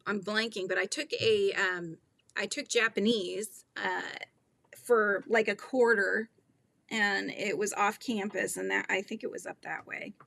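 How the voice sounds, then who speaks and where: Chatty Californian woman with a bright, gravelly voice. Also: mid-range voice, dry recording. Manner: chatty, giggly, trails off mid-sentence. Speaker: crochet livestream host. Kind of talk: casual chat reading viewer comments.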